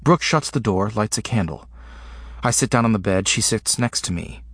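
A man narrating a first-person story in short, halting, intimate fragments. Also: lowish voice, lively intonation, fairly bright tone, breathy edge, no room sound.

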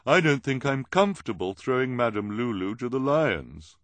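A man's voice: mid-range voice, very animated, moderate pace, fairly bright tone, no room sound, pitched above the performer's own voice. A man voicing an earnest, sensible teenage girl who speaks carefully and hesitantly in a storybook reading.

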